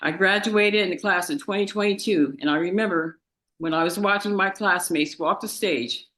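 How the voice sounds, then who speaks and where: A woman of about twenty reads her victim impact statement in court, grief-stricken and tearful, halting and restarting as she speaks of her father. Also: fairly low pitch, fairly bright tone, rough recording.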